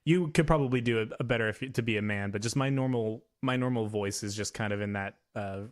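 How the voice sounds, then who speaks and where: A man co-hosting a relaxed podcast, talking at an ordinary middle pitch. He jokes easily and slips in and out of comic put-on voices. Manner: joking, quick to slip into comic voices. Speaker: podcast co-host. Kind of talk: casual chat.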